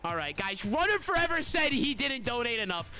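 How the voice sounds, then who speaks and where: Young guy streaming live to chat, high bouncy voice, hypes everything up, keeps saying guys. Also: a little fast, music in the background. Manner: excitable, repeats "guys" constantly, yells at surprises. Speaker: streamer hosting a game tournament.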